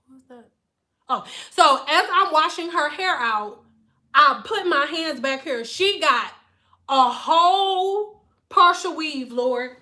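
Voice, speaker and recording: Animated, profane woman from Detroit. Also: high voice. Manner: animated, profane, thanks donors mid-story. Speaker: hairstylist and livestream host. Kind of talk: livestream storytelling.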